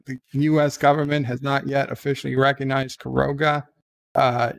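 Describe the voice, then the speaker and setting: A man hosting a casual livestream, reading viewer letters and chat with jokey, deadpan replies. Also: medium pitch, vocal fry. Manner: jokey, deadpan, with frequent fillers. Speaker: livestream host.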